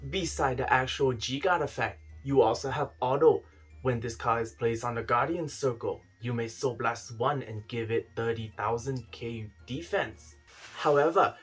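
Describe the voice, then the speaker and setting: Guy doing a fake aussie adventurer voice, hushed, jokey slang, mid pitch. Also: breathy edge, lightly acted. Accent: Australian, put on. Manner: jokey put-on slang, soft and low. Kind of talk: comic card-game reveal.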